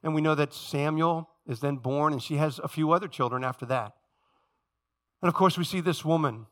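A man in his forties preaching a sermon as pastor, telling stories dramatically and swinging from loud passages to hushed ones. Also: fairly high pitch, normal speed. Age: 40s.

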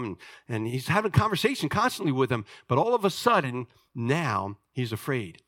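An older man preaching a sermon as pastor, impassioned, swinging between loud declarations and hushed asides. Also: mid-range voice, big pitch swings, normal speed, few pauses, no echo, studio quality.

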